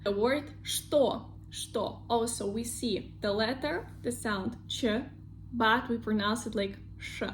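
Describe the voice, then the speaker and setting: A woman with a Russian accent teaching pronunciation in an online lesson, explaining slowly and drawing out each example word. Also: fairly high pitch, slight background noise. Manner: slow, careful explanations with drawn-out model words.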